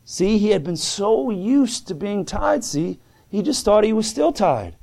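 Man, preacher, sermon, folksy plain talk, fervent, fairly high voice. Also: very animated, a little slow, vocal fry. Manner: folksy plain-spoken storytelling; fervent, swings soft and loud. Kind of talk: sermon answering written questions.

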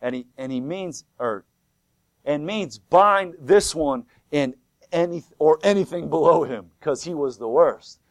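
A man's voice: on the high side, a little slow, dry recording. Fervent preacher man, dry sound. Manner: fervent, swings from loud to hushed. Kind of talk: sermon retelling a vision.

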